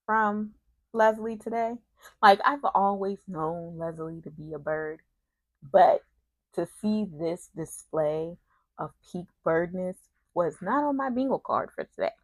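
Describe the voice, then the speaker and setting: A woman casually recapping a soap opera episode in an animated, sassy way, with slang and quick asides. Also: on the low side, gravelly, dry recording.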